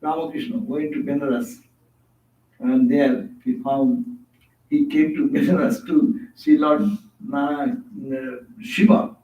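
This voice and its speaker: Man giving a sermon, echoey and distant. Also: fairly high pitch. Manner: storytelling, asks rhetorical "No?" and "Huh?"; halting, restarts and searches for words. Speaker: monk giving a spiritual talk. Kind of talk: devotional sermon. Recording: echoey, distant, dull hall recording.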